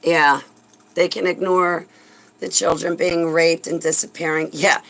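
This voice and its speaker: A woman's voice: lowish voice, level tone, a little slow, vocal fry, low-quality recording. A woman vlogger delivering a heated, sarcastic religious rant, indignant and swearing when angry.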